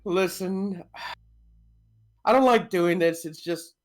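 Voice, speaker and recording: A man's voice: sits high, slow. Rambling, laughing guy podcasting. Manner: rambling, profane, laughs a lot. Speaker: podcast co-host. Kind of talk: casual chat.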